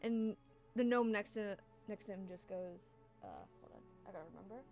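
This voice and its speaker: A woman's voice: mid-range voice, brisk, darkish tone, soft background music. A woman narrating a tabletop game as game master, in a casual, rambling way. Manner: casual, rambling, with fillers and laughs.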